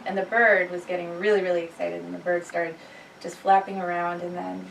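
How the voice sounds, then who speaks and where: A woman narrates her part of a group story in an earnest, flowing manner. Her voice has a gravelly edge. The sound is roomy and distant from the mic. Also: fairly low pitch, flat delivery, fairly quick, slight background noise.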